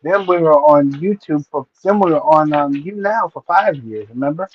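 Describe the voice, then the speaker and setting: A man in casual stream chat who talks haltingly and gropes for his words. His voice sits at a middling pitch. The recording is dull and lo-fi. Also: expressive, a little hiss or hum. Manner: hesitant, searches for words. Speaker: streamer co-host.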